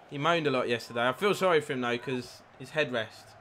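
A man live-streaming a football video game, commentating his own play, reacting loudly to chances and thanking new followers. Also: medium pitch, quick pace, hardly any pauses, slight background noise. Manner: excitable, swears at the game, reads out followers. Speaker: gaming streamer. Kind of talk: live gameplay commentary with chat.

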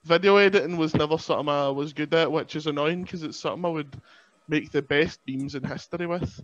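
Higher-voiced man, laughing and chatty. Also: brisk, a bit bright, no room sound, highs cut off. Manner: chatty, laughing, self-deprecating. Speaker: podcast guest. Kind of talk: casual podcast chat. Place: remote podcast call.

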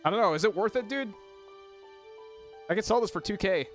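A man's voice: high voice, expressive, fairly quick. A man streaming a game, chatting casually, ranting and swearing at chat. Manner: swears and rants, talks to chat. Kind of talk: casual gaming commentary. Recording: game music loud behind.

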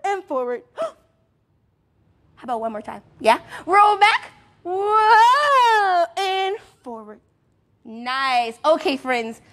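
Young woman, toddler music teacher, high sing-song voice, bubbly, slow and clear. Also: animated. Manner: bubbly and encouraging, with gasps and playful sounds. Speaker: children's music class teacher.

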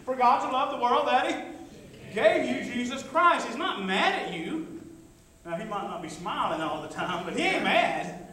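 Male pastor, high voice, chatty sermon delivery, recorded from a distance in a reverberant church. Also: animated, normal speed, sharp tone. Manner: conversational preaching with call-and-response asides. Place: church sanctuary. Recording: echoey church hall, mic from afar.

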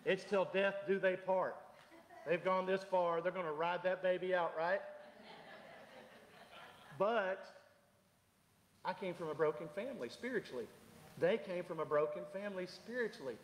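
A middle-aged man preaching a sermon as pastor, animated and humorous, acting out the voices he quotes. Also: high voice, normal speed, pauses often, slight background noise. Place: church sanctuary. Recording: echoey hall.

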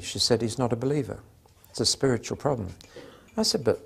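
An older preacher gives a sermon in a husky, slightly breathy voice at an everyday middle pitch. He tells stories with dry humour and acts out the back-and-forth of conversations. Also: sing-song, fast talker, hardly any pauses.

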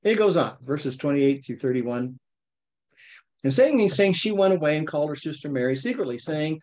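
A man leading a casual Bible study, reading verses aloud and explaining them with lively, animated asides. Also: on the high side, normal speed. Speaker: Bible teacher. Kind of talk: conversational Bible study teaching.

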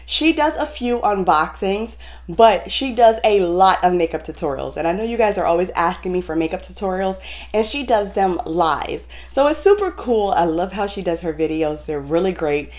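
A woman beauty vlogger talking straight to her viewers in a casual unboxing vlog, gushing and excitable. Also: on the low side, moderate pace.

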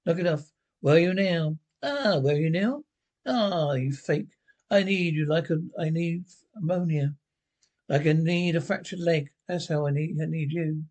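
A man's voice: fairly high pitch, normal speed, darkish tone, natural voice. A man playing a bitter banned jockey. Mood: scornful. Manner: snarling, self-mocking, brash. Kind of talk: solo script reading of a TV drama.

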